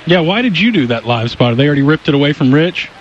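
A man's voice: a little high, animated, fast, a little hiss or hum. A man co-hosting a radio talk show, teasing his co-hosts with wisecracks. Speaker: radio co-host. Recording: dull lo-fi radio broadcast with music.

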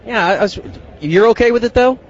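A man's voice: very high voice, lo-fi sound. A man from Dallas, a radio host roaming a media center and teasing people in casual street interviews. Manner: joking, teasing, quick banter.

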